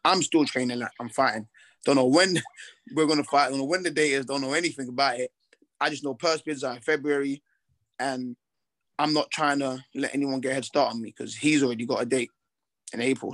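Young man, boxer interview, laid-back, confident, slangy, mid-pitched voice. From Britain, with Ghanaian heritage. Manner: relaxed, confident, rambling with slang and restarts. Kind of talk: casual interview chat.

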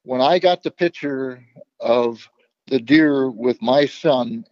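A man with a mid-range voice talks in a relaxed, halting way, with frequent fillers. The sound is dry and close, with a dull, lo-fi edge. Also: mid-range voice, no room sound. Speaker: nonprofit founder. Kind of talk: casual conversation.

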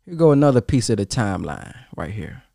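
Animated man addressing viewers. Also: on the low side, a little fast, gravelly, no room sound, clean studio sound. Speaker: podcast host. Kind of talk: casual monologue to viewers.

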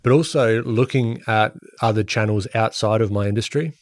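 A man's voice: lowish voice, normal speed, no room sound, studio quality. A man and podcast co-host chatting casually, rambling and explaining with lots of restarts. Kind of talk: casual chat.

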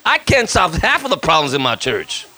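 A man in his fifties, a guest pastor preaching a lively storytelling sermon, acting out voices and shouting lines for effect. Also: a little high, normal speed, husky. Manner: animated, acts out voices and shouts for effect, laughs often.

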